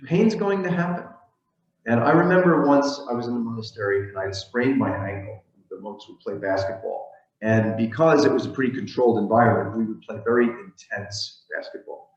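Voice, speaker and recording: A man's voice: medium pitch, darkish tone. Man giving a conversational sermon, echoey. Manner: storytelling, halting with restarts. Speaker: minister. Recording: echoey, dull room sound.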